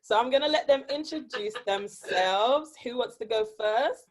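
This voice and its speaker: A British woman hosting a podcast over a video call, excitable and laughing often. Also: fairly high pitch, moderate pace. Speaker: podcast host.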